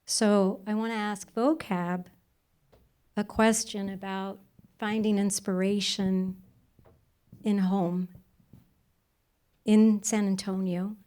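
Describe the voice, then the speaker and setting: Lady moderator on a book panel, easygoing, some ums and uhs, mid-pitched voice. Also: slow, pauses often. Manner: relaxed, with hesitant fillers.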